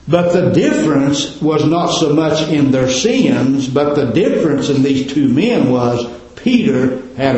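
A man preaching a fervent sermon at a medium pitch, his voice surging and then sinking low. The recording is muffled and lo-fi. It rings with heavy echo, like a big church. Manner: fervent, swinging between loud climbs and low hushed drops. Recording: very echoey, dull lo-fi church recording.

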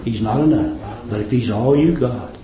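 A man preaching a sermon, fervently rising to emphatic peaks and dropping to quiet endings. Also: medium pitch, moderate pace, reverberant, dull audio, crowd noise. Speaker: pastor. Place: church.

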